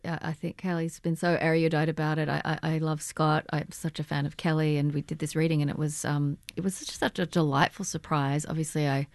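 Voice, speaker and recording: A woman's voice: deep voice, level tone, no echo. An actress, chatting in an interview and searching for her words as she talks. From Australia. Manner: warm, halting, searching for words. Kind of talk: casual interview chat.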